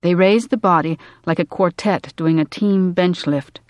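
An audiobook narrator reading a story in a measured, even way. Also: medium pitch, no echo. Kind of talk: scripted narration.

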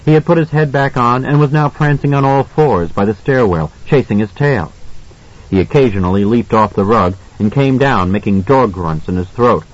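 A man reads a novel aloud at a measured, suspenseful pace, in a voice of middling pitch. The audio is slightly dull and lo-fi. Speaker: audiobook narrator. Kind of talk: scripted narration.

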